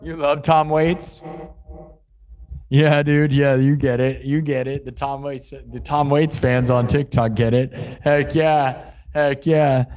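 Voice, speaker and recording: A man's voice: medium pitch, steady tone, slow, a little mellow. Young guy rambling on his stream, silly jokes, laughing at himself. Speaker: livestream host and improv musician. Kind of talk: casual livestream chat.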